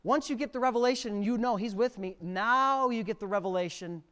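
A middle-aged male pastor preaching a sermon, swinging from quiet reading to near-shouted emphasis. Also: sits high, a little fast, smooth. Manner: preaching with sudden loud rises to near shouting.

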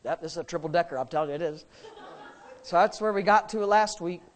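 A man preaching a sermon as pastor, emphatic and full of rhetorical questions, swinging from quiet asides to shouting. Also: high voice, fast.

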